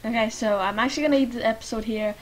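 Racing along at a fairly high pitch with fairly even intonation, this Lithuanian-accented gaming YouTuber from Lithuania gives chatty life-sim commentary. She talks to the characters, mumbling at times and protesting loudly at others, over faint game music and slight background noise.

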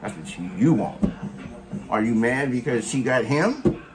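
Dude cussing out somebody in a vlog rant, mocking slangy talk, little music under it. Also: male voice, medium pitch, very animated, measured pace. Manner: scolding, mocking, heavy slang and cursing. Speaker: commentary vlogger. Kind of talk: profane reaction rant.

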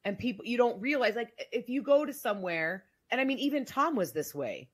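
A woman's voice: fairly high pitch, animated, fairly quick, breathy edge. A woman guest on a podcast, telling her personal story in a candid, emphatic, casual way, with frequent "like" fillers.

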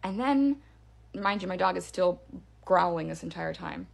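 A woman casually telling a spooky story in a clip, with hushed delivery and drawn-out pauses for suspense. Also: fairly low pitch, lively intonation, gravelly. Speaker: storyteller in a social video clip.

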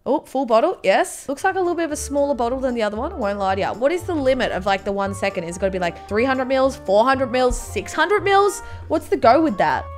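A woman's voice: high voice, expressive, fast talker, hardly any pauses, faint music behind. A young woman doing chatty, mock-dramatic reaction commentary as a YouTuber.

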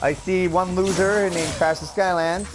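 Man from canada, gaming streamer, chatty and upbeat, slightly high voice, talks to chat. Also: steady tone, unhurried, noisy background. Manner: upbeat, chatty, laughs often, talks to viewers. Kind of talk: casual let's-play commentary.

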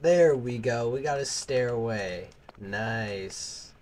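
Brief: man casually commentating a game, joking and rambling, slow delivery. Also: medium pitch, darkish tone, a little hiss or hum. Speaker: gaming channel host.

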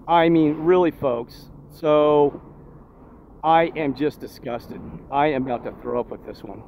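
A man's voice: a little high, moderate pace, a little mellow. A man vlogging outdoors near a road, indignant and preachy, firing off rhetorical questions. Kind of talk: agitated street vlog monologue. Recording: dull lo-fi phone audio, faint traffic.

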